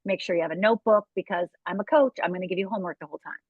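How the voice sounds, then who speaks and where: A woman's voice: lowish voice, racing, no room sound. Candid woman coach on a tinny line. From Upper Michigan. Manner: candid, direct storytelling with audience asides. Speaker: life coach and author. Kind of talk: interview guest telling her story. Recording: tinny phone-like dry sound.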